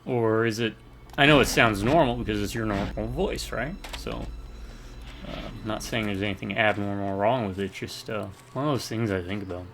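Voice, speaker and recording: A man's voice: on the low side, normal speed, noisy background. A man from the American South rambling casually while commenting on his gameplay. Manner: rambling, chatty, self-deprecating. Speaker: let's play gamer.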